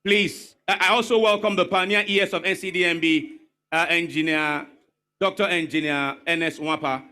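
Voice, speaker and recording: Nigerian male emcee, bright, slightly high voice, formal and polite, in a big hall. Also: steady tone, normal speed. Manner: courteous, repetitive welcomes and polite pleading. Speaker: master of ceremonies. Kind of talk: formal event announcing. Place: large crowded hall.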